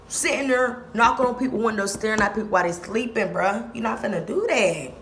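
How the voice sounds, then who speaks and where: A woman's voice: on the high side, brisk, few pauses, background noise. A young woman vlogger telling a story in casual, slangy speech, repeating lines for emphasis.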